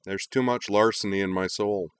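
A man's voice: lowish voice, fairly even intonation, moderate pace, clean tone, close to an everyday voice. A man voicing a flippant, teasing small winged male creature in a storybook reading. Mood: wry.

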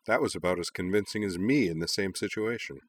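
A man's voice: sits low, fairly quick. A man voicing a dry-witted young woman in a storybook reading.

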